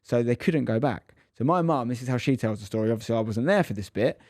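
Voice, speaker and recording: A man's voice: mid-range voice, animated, fast talker, darkish tone, dry recording, studio quality. A man in his thirties, a podcast co-host, telling a story in casual chat and acting out the quotes with animation.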